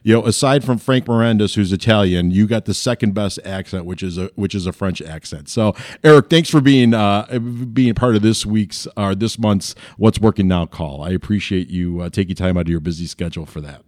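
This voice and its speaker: A man's voice: lowish voice, fairly quick, few pauses, a little mellow, no room sound, clean studio sound. A man hosting an interview call, enthusiastic, with frequent ums and uhs. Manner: enthusiastic, uses um and uh. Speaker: host.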